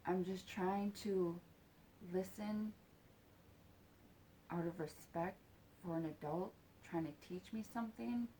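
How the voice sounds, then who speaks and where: A woman telling a personal story in a halting, soft-spoken way, with casual swearing. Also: fairly low pitch, slight background noise.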